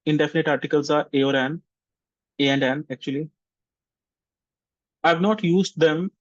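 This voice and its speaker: Teaching an online English vocabulary class, a man reads example sentences slowly and deliberately so students can imitate his intonation. His voice is a little high for a man, and the recording is dry and slightly dull.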